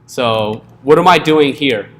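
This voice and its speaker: A man's voice: medium pitch, animated, slow, a bit bright. Casual joking coding instructor, man. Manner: casual, joking, checks in with "right?" often. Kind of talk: live classroom coding lesson.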